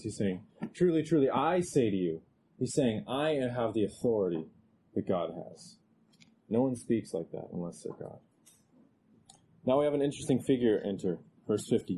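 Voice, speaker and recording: A male preacher giving a conversational expository sermon, growing animated when he reads scripture aloud. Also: on the low side, a little hiss or hum, rough recording.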